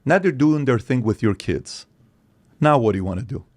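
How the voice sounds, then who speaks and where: A man in his forties, a podcast guest, speaking in an animated, opinionated monologue full of rhetorical questions and acted-out quotes. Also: medium pitch, moderate pace. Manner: acts out quoted voices, emphatic, rhetorical questions.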